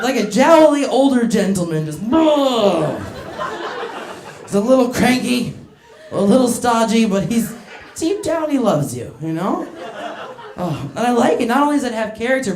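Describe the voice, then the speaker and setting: A woman works a comedy club crowd with brash, crude, self-mocking jokes, often breaking into laughter as she teases people in the seats. Her voice is going a little hoarse, and the stage mic picks up a roomy, echoing club sound around her. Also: a little high, big pitch swings, moderate pace, darkish tone, slight background noise. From United States. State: voice getting hoarse. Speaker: stand-up comedian. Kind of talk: stand-up set with crowd work. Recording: echoey club room.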